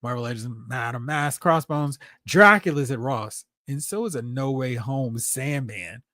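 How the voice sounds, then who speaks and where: A man hosting a toy collecting live stream, chatting casually and excitedly while reading viewer comments aloud. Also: medium pitch, measured pace, no echo. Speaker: host of a toy collecting show.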